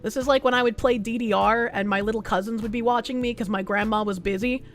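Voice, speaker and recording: A woman's voice: on the high side, fairly even intonation, quick pace, faint music behind. A young woman streamer reading an article aloud and reacting with blunt, sarcastic, swearing commentary.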